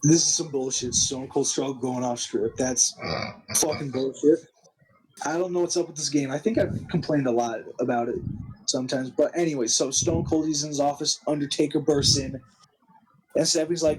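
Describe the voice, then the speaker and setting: A man's voice: a little high, fairly even intonation, moderate pace, a little hiss or hum, poor audio. A young man giving a casual, rambling recap of a wrestling game, swearing often and restarting his sentences. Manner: rambling, profane, full of restarts and 'like'. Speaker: game commentator.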